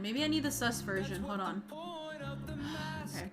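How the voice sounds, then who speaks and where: A woman live streamer chatting casually, singing along to songs and breaking into loud excited outbursts. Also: medium pitch, normal speed. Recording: loud music over the voice. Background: loud pop music playing.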